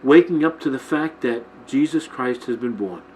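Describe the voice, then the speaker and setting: Here a man speaks at a moderate pace in a medium-pitched voice with a darkish tone. It's a rough recording with slight background noise, made on the camera mic he films himself with for his Christian teaching show, where he talks informally about the Bible and checks in with listeners frequently.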